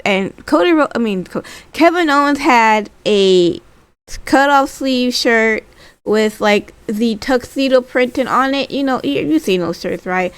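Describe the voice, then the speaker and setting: A woman's voice: mid-range voice, unhurried, clean tone, no echo. A woman recapping wrestling in a casual, rambling way, with lots of fillers and restarts. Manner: acts out quotes in a lively voice.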